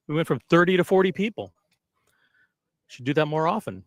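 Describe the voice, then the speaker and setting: A man's voice: on the high side, animated, normal speed, no echo. Male livestream host, casual and rambling, self-mocking, dry close sound. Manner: rambling, self-deprecating, chatty with viewers. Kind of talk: casual live-stream chat.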